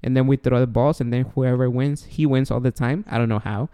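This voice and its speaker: Animated man telling a home story. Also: medium pitch, brisk, clear, resonant tone. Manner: animated storyteller, acts out his own voice. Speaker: podcast co-host. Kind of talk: casual chat.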